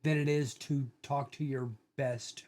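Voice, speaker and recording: A man's voice: mid-range voice, flat delivery, a little slow, a little mellow. A man co-hosting a podcast, mostly giving short listening replies and dropping dry quips. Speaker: podcast co-host. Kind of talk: casual conversation.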